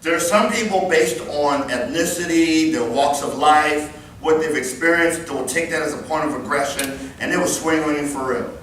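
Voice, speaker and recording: A man in his fifties running a live workplace safety training class, animated and joking as he demonstrates moves. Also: a little high, moderate pace, slight background noise. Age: 50s. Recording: very echoey room, far mic, faint ambience.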